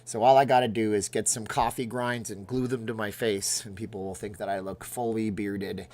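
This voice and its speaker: A man's voice: fairly low pitch, fairly even intonation, moderate pace, darkish tone. A middle-aged man hosting a casual livestream, rambling and joking as he reacts aloud to viewer comments. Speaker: livestream host reading chat.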